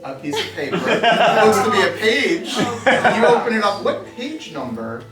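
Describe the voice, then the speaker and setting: A man's voice: sits high, very animated, moderate pace, music in the background. A man from New Jersey performing a comedy magic show on a club stage, joking playfully with the audience. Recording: roomy club sound from a distance.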